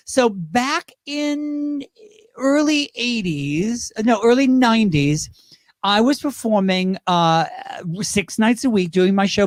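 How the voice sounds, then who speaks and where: A man with a high-sitting voice, captured in a dry recording. He does drag and impersonations, and in a casual interview he tells stories in a chatty, lively way, slipping into voices as he goes.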